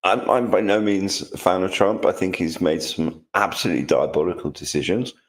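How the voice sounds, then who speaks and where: A man's voice: low-pitched, a little fast, rough recording. A man co-hosting a casual chat, dry and disdainful, given to rambling. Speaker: co-host.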